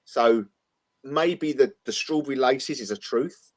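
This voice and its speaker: Guy co-hosting, keen and stumbly, mid pitch, just reading meaning into a dream. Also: measured pace. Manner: eager, interpreting, stumbles on words. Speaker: talk show co-host. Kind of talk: casual chat.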